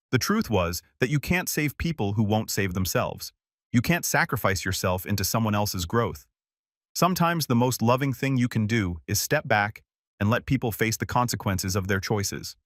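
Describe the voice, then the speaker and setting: Male story narrator, low and calm, even scripted delivery, dry close-mic sound. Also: dry recording.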